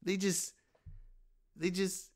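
A man's voice: high voice, little pitch movement, extremely slow, a little mellow. A man hosting a comedy podcast, delivering a sarcastic, exasperated rant and laughing at his own jokes. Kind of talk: stand-up style comic rant.

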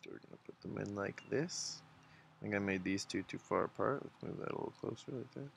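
A man's voice: fairly low pitch, fairly quick, creaky, slight background noise. A man hosting a casual drawing tutorial, chatty and encouraging, thinking aloud as he sketches. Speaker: art tutorial host.

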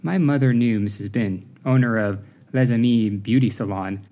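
A man reading an audiobook, narrating in a measured, even way. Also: medium pitch. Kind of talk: scripted narration.

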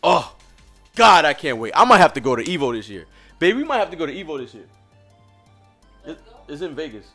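Hyped young man ranting excitedly. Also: a little high, fairly quick, pauses often, faint music behind. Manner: hyped, profane, shouting and laughing. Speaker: gaming vlogger. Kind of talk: excited reaction vlog. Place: home room at night.

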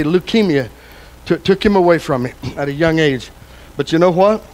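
An older man preaching a sermon to his church. He swings from loud, impassioned preaching to soft, tender asides. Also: on the high side, normal speed, rough recording. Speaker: pastor. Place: church sanctuary.

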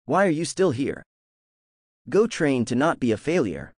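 A proud and scornful thunder-god king, voiced by a man for a fan audiobook. He speaks in a commanding tone, and his pitch swings widely. The recording is dry and close. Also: big pitch swings, normal speed, a little mellow, no room sound.

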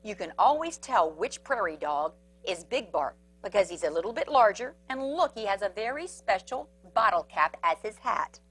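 A woman storyteller reading a picture book aloud to children, animated, with sound effects and asides about the pictures. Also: medium pitch, normal speed, hardly any pauses, slightly rough.

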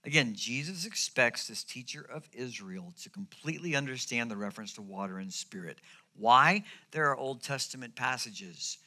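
A man's voice: mid-range voice, lively intonation, normal speed, bright, forceful tone. A male pastor preaching a sermon, emphatic and repetitive, at times dropping almost to a whisper. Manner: emphatic, repeats key phrases, drops to near whispers.

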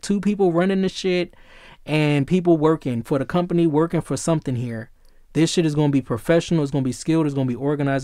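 A man giving a casual tarot reading who gets excitable, swears freely and often searches for the right word. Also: on the high side, dry recording, studio quality. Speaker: tarot reader.

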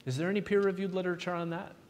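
A man preaching a sermon, retelling Bible stories with lively, animated delivery and quoting the figures in his own voice. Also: high voice, rapid-fire. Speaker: pastor. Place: church sanctuary. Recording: long hall reverb in a church.

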